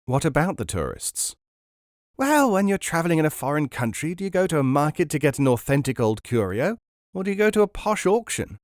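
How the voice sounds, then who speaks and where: A man reading a book aloud as a podcast narrator, in a measured, even storytelling manner. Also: on the high side, dry recording, studio quality.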